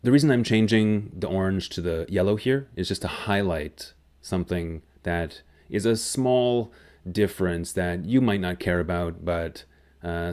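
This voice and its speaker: Slow low-voiced male teacher. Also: a little mellow. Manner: slow, clear, deliberate explanation. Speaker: English teacher. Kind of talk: grammar lesson.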